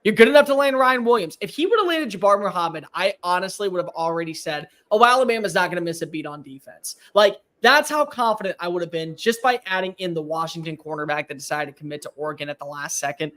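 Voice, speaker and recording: High, animated male sports talker. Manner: animated, emphatic, rapid-fire opinions. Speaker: sports talk show co-host. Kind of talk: sports talk chat.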